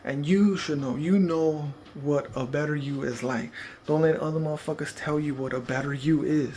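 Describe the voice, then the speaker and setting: Foul-mouthed laid-back dad rambling. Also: male voice, a little high, fairly even intonation, normal speed, mellow, slight background noise. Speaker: parenting vlogger. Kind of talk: casual advice monologue.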